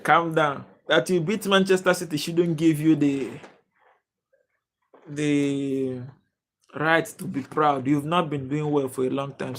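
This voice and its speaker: A Nigerian man hosting a casual live chat stream, greeting viewers by name and chatting loosely as he reads the chat. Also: on the high side. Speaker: livestream host.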